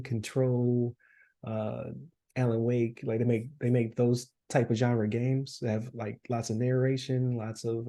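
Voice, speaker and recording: A man's voice: medium pitch, warm tone. A man co-hosting a podcast in casual chat, losing his voice, rambling with fillers and frequent laughs. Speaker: podcast co-host.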